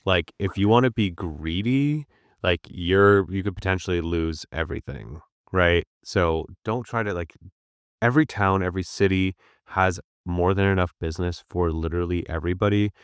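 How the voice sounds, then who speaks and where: Brief: man, very low smooth voice, chatty guest, dry close sound. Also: moderate pace, no echo. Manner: relaxed, chatty, storytelling with asides. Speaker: guest on a business podcast. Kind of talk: casual conversation.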